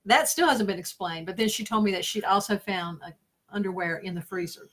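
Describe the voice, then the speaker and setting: A woman's voice: mid-range voice, fairly quick, fairly bright tone. An older woman hosting a casual live-stream talk, teasing her guest and steering the conversation. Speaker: host.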